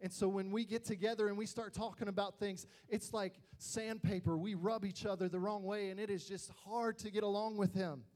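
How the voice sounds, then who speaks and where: A young man preaching to youth, telling personal family stories in an animated way and acting out the voices of people he quotes. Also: sits high, brisk, few pauses. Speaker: youth pastor.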